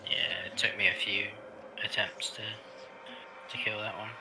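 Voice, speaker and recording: A man's voice: on the low side, flat delivery, unhurried, noisy background. A man chatting casually on a gaming stream, blunt and offhand. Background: game music.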